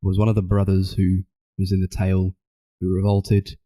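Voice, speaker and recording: A man with a low, deep voice talks through a film in a loose, rambling way. He hedges most points with "like" and "I suppose", and his tone is mellow and relaxed. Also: normal speed, no echo, poor audio. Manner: rambling, hedging, full of "like" and "I suppose". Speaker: podcast co-host. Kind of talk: casual film discussion.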